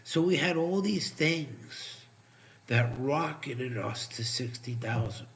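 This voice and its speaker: Profane ranting man, voice going hoarse. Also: medium pitch, animated, slow, slight background noise. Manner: mutters asides while checking charts. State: losing his voice. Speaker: crypto trading streamer. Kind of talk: live trading commentary.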